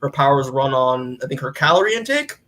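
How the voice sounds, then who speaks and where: A man's voice: mid-range voice, big pitch swings, fairly quick, pushed and bright. A man casually recapping a comic book as a podcast co-host, rambling with lots of filler words and casual swearing.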